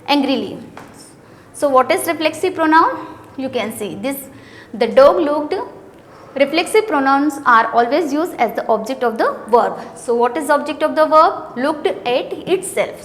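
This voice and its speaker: Woman, Indian English accent, high voice, schoolteacher, reads sentences then quizzes herself, long echo. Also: a bit bright, a little hiss or hum. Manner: reads each sentence, then asks and answers her own questions. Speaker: teacher. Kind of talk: explaining a grammar worksheet.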